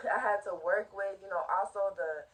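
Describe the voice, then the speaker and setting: A woman's voice: mid-range voice, moderate pace, fairly bright tone, distant mic. A young woman vlogging about her homemade fashion, chatty and bubbly, rambling with lots of fillers, her throat a bit scratchy. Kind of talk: casual DIY fashion vlog.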